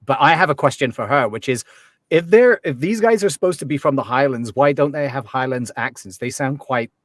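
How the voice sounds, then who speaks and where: Guy who coaches accents, rambly n chatty, lots of ums, mid pitch, dry close sound. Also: fairly quick, no room sound. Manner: chatty, hesitant with many ums and restarts. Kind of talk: casual interview chat.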